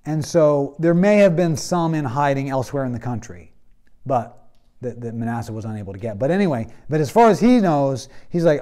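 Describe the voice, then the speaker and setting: A man's voice: mid-range voice, a little fast, dark tone. A man teaching a Bible history class in a casual, storytelling way with many fillers. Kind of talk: classroom lecture.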